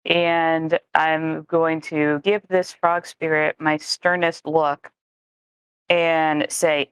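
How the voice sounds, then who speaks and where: A woman's voice: low-pitched, little pitch movement, extremely slow, clear, resonant tone, no room sound. A woman playing a tabletop game who asks careful rules questions. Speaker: player.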